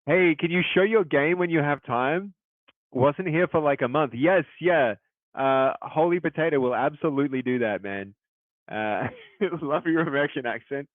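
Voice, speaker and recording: Man streaming live, excitable chat, loud shout-outs, tinny phone-like sound, dry. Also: on the high side, normal speed, no room sound. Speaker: game studio head and streamer.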